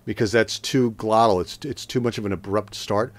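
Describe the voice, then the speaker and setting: A man teaching singing, explaining warm-ups in a plain, conversational way and breaking into sung scale demonstrations. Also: fairly low pitch, moderate pace, dry recording. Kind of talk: vocal lesson with sung demonstrations.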